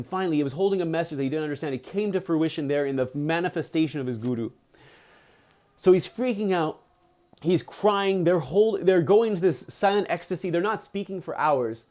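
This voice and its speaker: A young man on a livestream, retelling a book chapter in a casual, animated way, filling it with "he's like" and acting out the quotes with big jumps in pitch. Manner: many fillers like "he's like". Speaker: streamer reading a book aloud.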